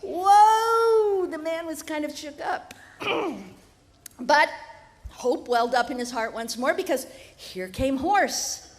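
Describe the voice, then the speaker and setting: A woman tells a fable in a lively, chatty way at a family festival. Her voice sits high, and the tent gives a long reverb. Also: takes it slowly. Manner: animated, conversational, playful. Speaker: storyteller. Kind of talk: live storytelling for families.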